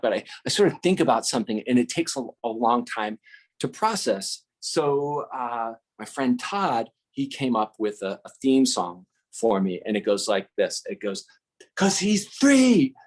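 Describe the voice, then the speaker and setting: With a medium-pitched voice, a middle-aged live talk stream host rambles through a casual story. Fillers and self-corrections run throughout.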